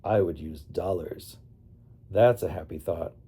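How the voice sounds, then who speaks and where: A cheerful male stall vendor talks in an easygoing, joking way, voiced by the narrator. His voice is low and mellow. It stays relaxed rather than bright. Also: measured pace, slightly rough, heavily acted. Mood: amused.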